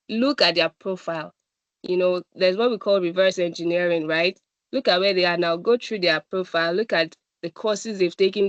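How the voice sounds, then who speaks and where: A woman's voice: fairly low pitch, no room sound. Encouraging Nigerian woman, dull lo-fi audio. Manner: encouraging, repeats "right?" and "I'm telling you". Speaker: guest speaker at a data analytics boot camp. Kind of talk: presentation talk.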